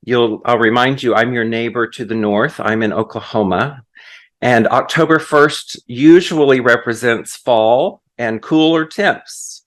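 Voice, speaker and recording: A man's voice: medium pitch, fairly bright tone. A man preaching as a guest minister, leading a prayer and then telling a story in a sermon.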